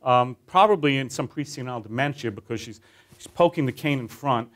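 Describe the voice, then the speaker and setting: A man's voice: medium pitch, brisk. A man leading a training class through a guided teaching tale, talking animatedly and quizzing his listeners. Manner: animated, addresses listeners with questions.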